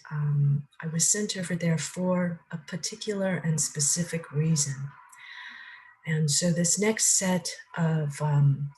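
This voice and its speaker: A woman hosting her own channel, talking casually and haltingly with many pauses and fillers. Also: sits low, a little mellow, low-quality recording. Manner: halting, many ums and uhs. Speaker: channel host. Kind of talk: casual spoken commentary.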